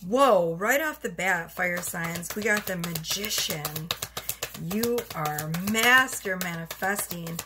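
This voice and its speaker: A woman tarot reader talking casually to the camera from her bedroom, chatty and quick to laugh as she pulls cards. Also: lowish voice, animated, noisy background. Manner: chatty, laughs often, talks straight to viewers. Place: bedroom at home.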